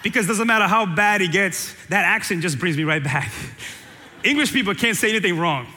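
A man preaching in a church with a high, bright voice that rings with the long reverb of a large hall. He preaches in an animated, jokey way, teasing his congregation and repeating lines for emphasis. The sound is that of a sermon captured in a big sanctuary. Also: normal speed. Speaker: pastor.

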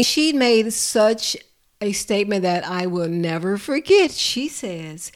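A woman caregiver telling a personal story to an audience in a lively, expressive way. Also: mid-range voice, takes it slowly. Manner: expressive, lively storyteller who builds to laughter. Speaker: home caregiver.

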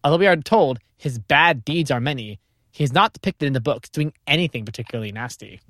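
A man co-hosting an improvised comedy podcast, reading and answering in a deadpan, matter-of-fact way. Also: medium pitch, a little fast, no echo, studio quality. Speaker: podcast co-host.

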